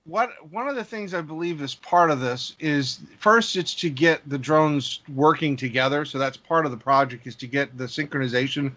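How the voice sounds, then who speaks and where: A man hosting a drone news segment, reading stories in a measured way with frequent fillers. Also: a little high, sharp tone, muffled recording. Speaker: news host.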